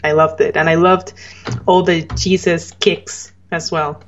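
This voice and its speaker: A woman co-hosting a casual TV recap podcast, enthusiastic and quick to laugh. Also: lowish voice, flat delivery, muffled recording, slight background noise. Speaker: podcast co-host.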